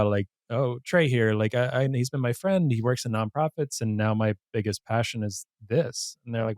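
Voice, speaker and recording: A man's voice: medium pitch, a little mellow, no room sound, studio quality. A man hosting a podcast, chatting casually and with enthusiasm, laughing easily. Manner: enthusiastic, giggly, quick to laugh. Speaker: podcast host. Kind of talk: casual interview chat.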